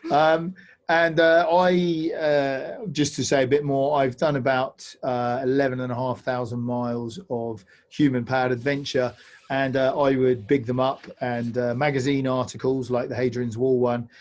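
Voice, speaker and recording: A man's voice: medium pitch, little pitch movement, normal speed. A man from England co-hosting an online adventure talk over a video call, telling stories in an easygoing, self-deprecating way with many fillers. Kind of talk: casual storytelling presentation over a video call.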